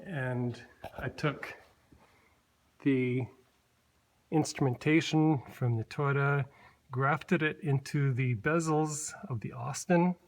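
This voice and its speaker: A man slowly walking through the work he did on his car, talking with many pauses and fillers. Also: mid-range voice, steady tone, rough recording. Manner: slow, halting, many fillers and restarts. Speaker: car builder showing his car. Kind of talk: casual walkaround explanation.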